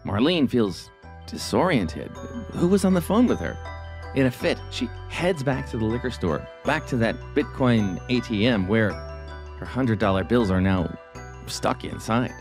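A man narrating a true story in a measured, scripted way, adding quiet murmured reactions. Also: medium pitch, animated, faint music behind. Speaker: podcast host and narrator.

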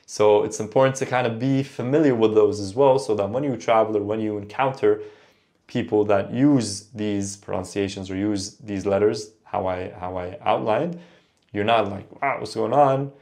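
A man's voice: on the low side, fairly even intonation, darkish tone. Man teaching sounds, patient. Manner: explanatory, repeats words slowly for learners. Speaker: Arabic teacher. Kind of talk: online language lesson.

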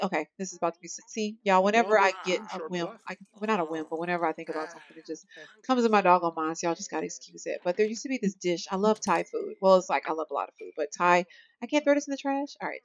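A woman's voice: medium pitch, fast talker, highs cut off. A woman hosting a gaming video, giving chatty commentary and talking straight to her viewers. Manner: chatty, animated, addresses viewers as y'all. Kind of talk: casual let's-play commentary.

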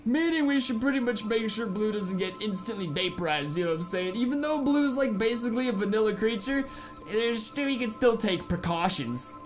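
A man giving excited gameplay commentary as a gaming video host, animated, with crude jokes and sudden yells. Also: high-pitched, brisk, soft background music. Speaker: gaming YouTuber.

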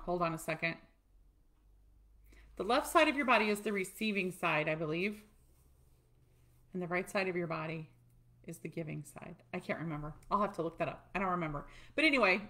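With a mid-range, slightly bright voice, a middle-aged woman casually demonstrates a tapping routine for her viewers. As a tapping coach, she keeps the instruction chatty and self-deprecating.

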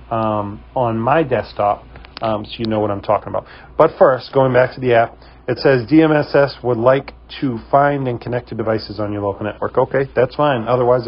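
A man with a New England accent hosting a casual how-to tutorial, relaxed and full of "um" fillers. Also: mid-range voice, husky, lo-fi sound. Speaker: host of a security camera company channel.

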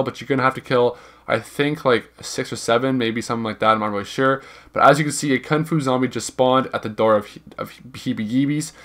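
A man's voice: mid-range voice, a bit bright. A young man casually narrating a gameplay guide, informal and rambling, hedging his numbers and repeating himself as he explains each step. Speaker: gaming video guide creator.

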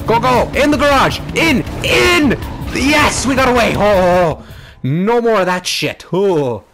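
A young man hosting let's play commentary, excitable and frantic, swearing often. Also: high-pitched, slow pace, vocal fry. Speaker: gaming channel host. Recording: game music underneath.

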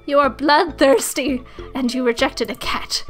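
A woman's voice: sits high, steady tone, measured pace, faint music behind. Woman putting on a prim coworker with an odd accent. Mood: stern disappointment. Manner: gentle, formal, calls people "dear". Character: prim kindly female coworker with a formal, foreign-sounding accent.

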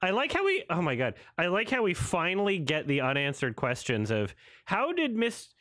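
A man's voice: a little high, sing-song, moderate pace, a bit bright, dry recording, studio quality. A man in his thirties doing casual, sarcastic reaction commentary on a trailer, laughing and swearing as he goes.

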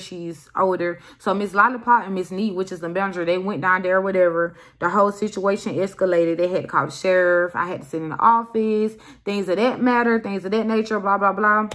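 A young woman vlogger telling a storytime story in an animated, emphatic way. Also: mid-range voice. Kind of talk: casual storytime.

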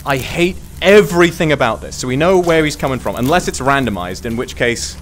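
A man's voice: medium pitch, expressive, fairly quick, fairly bright tone, a little hiss or hum. A man giving live gameplay commentary as a streamer, swearing often and breaking into panicky outbursts.

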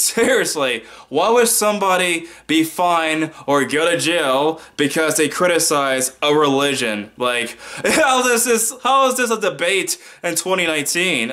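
Brief: American male commentator, loud and mocking, slow deliberate delivery, bright tone. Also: a little high. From United States. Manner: loud, mocking, breaks into laughs. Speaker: political commentary vlogger. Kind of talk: casual opinion commentary.

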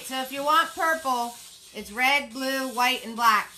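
A woman hosts a live painting class, unhurried and chatty, with a bright, forceful voice pitched a little high. She repeats her cue words in a playful, sing-song way as she guides each step. Soft music plays faintly behind her. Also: a little hiss or hum, poor audio. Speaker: paint party instructor.

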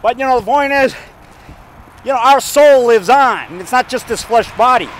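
A man talking in a rambling, folksy, excitable way, mixing songs with preaching, outdoors by a road. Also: extremely high pitch, moderate pace. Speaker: vlogger.

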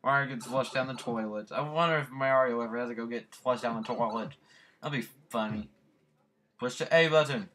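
A man casually commentating his own gameplay, goofy and rambling, cracking jokes and shouting at the screen. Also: mid-range voice, a little fast. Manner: goofy, rambling, sings snatches of songs. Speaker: let's play host.

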